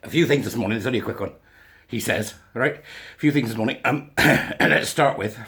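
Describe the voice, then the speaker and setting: A man's voice: fairly low pitch, a bit bright. A man hosting a podcast in a casual opinion monologue, blunt and sarcastic with a put-on mock Scottish accent. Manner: blunt, sarcastic, swearing, laughs to himself. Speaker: podcast host.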